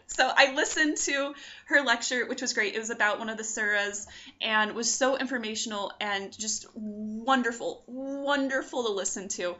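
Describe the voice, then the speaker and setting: Young woman, bright tense voice, slightly high, chatty storytelling, dull lo-fi recording. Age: young adult. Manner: chatty, quick, full of likes and quoted voices. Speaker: vlogger telling her story. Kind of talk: casual storytelling. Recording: dull lo-fi sound.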